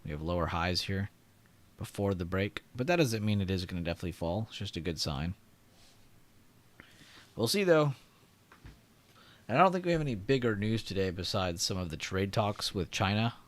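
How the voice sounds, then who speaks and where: A man's voice: deep voice, animated, normal speed, long pauses. Chatty man hosting a trading stream. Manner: chatty, reads chat aloud, laughs often. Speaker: livestream trading host. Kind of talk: casual livestream commentary.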